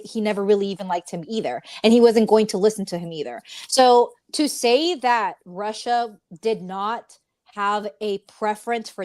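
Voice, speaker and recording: A woman's voice: medium pitch, a little mellow, dry recording, studio quality. A young woman in a casual political chat, talking in a chatty, opinionated way with many fillers.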